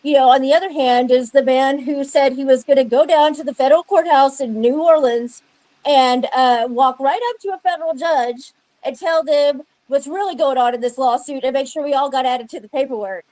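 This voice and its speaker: A woman's voice: high-pitched, brisk, mellow, no echo, low-quality recording. A woman talking casually and sarcastically, mock-congratulating the people she discusses. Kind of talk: casual commentary chat.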